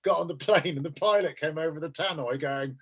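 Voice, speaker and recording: A man's voice: on the high side, brisk, slightly rough, rough recording. A man in his fifties doing a stand-up comedy set, sweary and self-mocking with rambling asides. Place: online lockdown gig, from home. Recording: loud audience laughter behind.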